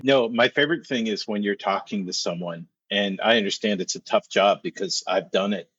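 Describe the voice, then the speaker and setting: A man's voice: lowish voice, brisk, a bit bright. A man in a casual group discussion, speaking emphatically and agreeing readily. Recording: dull lo-fi sound.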